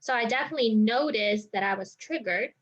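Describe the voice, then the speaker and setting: A fairly high, slightly bright voice moves at a fairly quick clip as this healer reflects on a personal experience in her vlog. She circles her thoughts with frequent "like" and "you know." The recording is dull and lo-fi.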